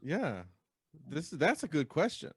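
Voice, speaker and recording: A man co-hosting a podcast, chatting casually and easygoingly, mostly in short replies with halting restarts. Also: on the high side, big pitch swings, husky. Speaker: podcast co-host. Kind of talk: casual chat.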